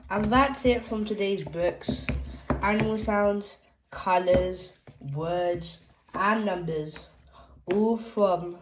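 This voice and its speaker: A woman reading picture books aloud to young children in a slow, sing-song way, asking the listeners questions as she goes. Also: on the low side, darkish tone, roomy sound. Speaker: children's book reader.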